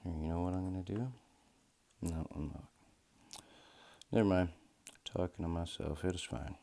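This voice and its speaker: In this watch modding video, a man with a low, steady, gravelly yet mellow voice talks quickly. He rambles casually to himself while he works, often poking fun at himself.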